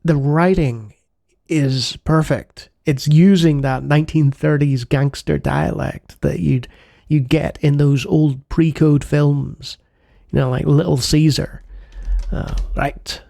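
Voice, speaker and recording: A man's voice: fairly high pitch, fairly even intonation, takes it slowly, creaky, dark tone, no echo. A man hosting a retro game channel, giving playful let's-play commentary with jokey asides.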